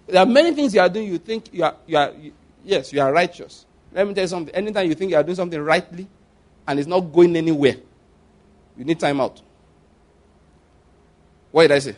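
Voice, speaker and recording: Conversational preaching man, higher voice. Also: lively intonation, a little fast, pauses often. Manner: conversational, repeats phrases for emphasis. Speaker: pastor. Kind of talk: sermon.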